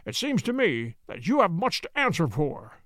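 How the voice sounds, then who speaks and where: A man reading an audiobook voices a calm, assured middle-aged detective who speaks in a cool, stern and dry manner. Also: fairly high pitch, moderate pace, no room sound.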